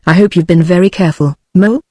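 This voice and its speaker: A woman's voice: fairly low pitch, normal speed, no room sound, studio quality, natural voice. British TTS woman reading a fussy rat. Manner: flat synthetic delivery. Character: fussy, anxious male water rat.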